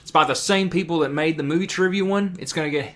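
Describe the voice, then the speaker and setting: A man's voice: fairly high pitch, fast talker, fairly bright tone. A man co-hosting a podcast, chatting casually with teasing, competitive banter. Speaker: podcast co-host. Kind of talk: casual chat.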